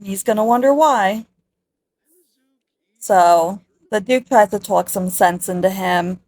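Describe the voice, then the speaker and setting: Slow, chatty woman narrating a game. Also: medium pitch, a little mellow, no echo. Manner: chatty, wry commentary on the game. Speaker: gameplay narrator. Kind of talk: casual let's-play narration.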